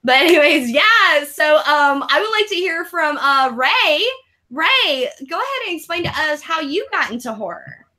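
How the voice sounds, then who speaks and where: Bright-voiced woman hosting a chat. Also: high-pitched, normal speed. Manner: animated storyteller, laughs often. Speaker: host. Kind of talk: casual chat.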